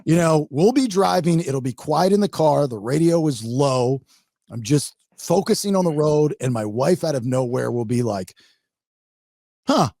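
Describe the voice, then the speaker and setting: A man's voice: fairly high pitch, moderate pace, creaky, no room sound, clean studio sound. A man hosting a podcast, telling a funny story in a casual, rambling way. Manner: rambling, animated, acts out his wife in quotes. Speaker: podcast host.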